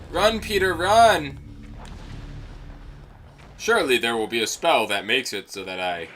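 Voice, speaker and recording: A man's voice: on the low side, expressive, a little fast, few pauses, pushed and bright, slight background noise. A man streaming a game and commenting casually, with wry jokes and asides to himself. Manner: wry, joking, talks to himself. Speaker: let's-play streamer.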